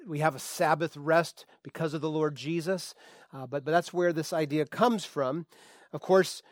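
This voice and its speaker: A man preaches in a loose, conversational manner, often restarting his sentences and using fillers. His voice sits a touch higher than usual. The sound is dry and close, with little room around it. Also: no echo. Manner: relaxed, chatty, with frequent restarts and fillers. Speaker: pastor. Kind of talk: conversational sermon.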